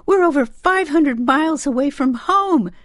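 A woman's voice: expressive, moderate pace, dry recording, clean studio sound. Woman doing a wailing, wavering old mother. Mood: wailing distress. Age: older. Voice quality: wavering, high and crying. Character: elderly mother, anxious, wailing, tearful.

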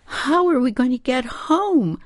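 Lady doing an old mom who's crying and wavering, way up high, shaky voice, close dry recording. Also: lively intonation, a little slow, dry recording. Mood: wailing distress. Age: older. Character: elderly mother, anxious, wailing, tearful.

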